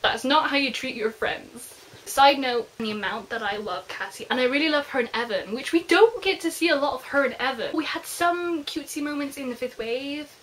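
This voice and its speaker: A woman's voice: sits high, fairly quick, fairly bright tone, rough recording. A young adult woman giving a casual book review, chatting like a gushing fan and filling her talk with "like".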